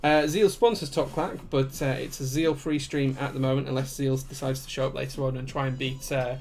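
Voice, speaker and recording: A man's voice: medium pitch, fairly even intonation, brisk, a little mellow. A man, hosting a live stream where he walks through a build step by step and answers chat. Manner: methodical step-by-step explaining, reading chat aloud.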